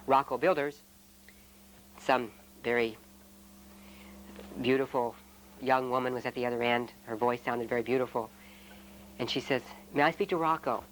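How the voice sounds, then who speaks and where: A male friar leads a spiritual retreat talk, measured and reflective with touches of gentle humor. His voice sits at an ordinary middle pitch, with faint noise behind it. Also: flat delivery, poor audio.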